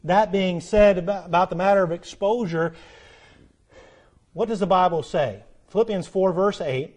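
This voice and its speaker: Earnest high-voiced man preaching. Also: normal speed, a little mellow. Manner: earnest preaching, dropping low at line ends, rising for emphasis. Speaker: pastor. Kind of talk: sermon.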